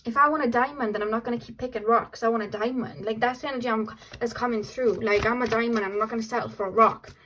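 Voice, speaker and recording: A woman's voice: a little high, fairly even intonation, fast talker, noisy background. A young woman doing a casual tarot reading, chatty and upbeat, often trailing off and restarting. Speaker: tarot reader.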